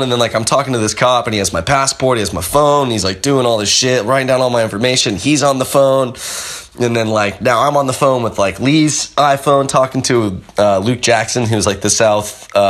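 A man's voice: on the low side, fairly bright tone. A young man, a podcast guest and pro skateboarder, telling a story casually with lots of fillers, swearing and acted-out voices. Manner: rambling, filler-heavy, swears, acts out the voices in his stories.

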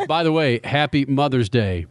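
A man hosting a radio show, chatting casually with co-hosts, joking and laughing often. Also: a little high. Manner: laughing, animated banter.

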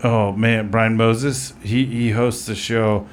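A comedy podcast host talks casually, his voice on the low side with a level tone and slow pace. He rambles with plenty of fillers while narrating an absurd roast story, and there's slight background noise.

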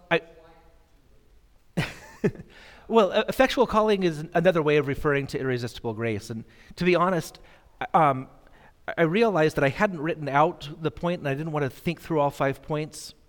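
Halting man teaching in a reverberant hall. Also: a little high. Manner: halting, with many fillers and restarts; self-deprecating. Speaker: bible study teacher. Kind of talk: unscripted bible teaching. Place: hall in front of an audience.

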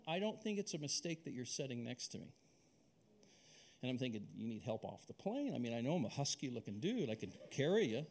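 Animated pastor preaching, lively high voice. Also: male voice. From Alaska. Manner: animated, conversational storytelling with many restarts. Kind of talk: sermon with personal story.

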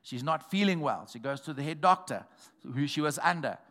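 A man preaching a sermon, telling a testimony in a storytelling way that builds to shouted exhortation. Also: on the high side, lively intonation, moderate pace.

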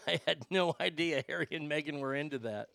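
A man's voice: a little high, a little fast, creaky, a bit bright, dry recording. A man hosting a live stream, ranting crudely to his chat with incredulous outbursts and stammered restarts. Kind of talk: crude comedic rant to chat.

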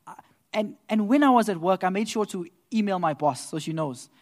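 Animated man preaching a testimony. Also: high-pitched, fairly quick. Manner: animated storyteller who laughs and swells into loud exclamations. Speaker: lay preacher giving a testimony. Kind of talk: church testimony building into preaching.

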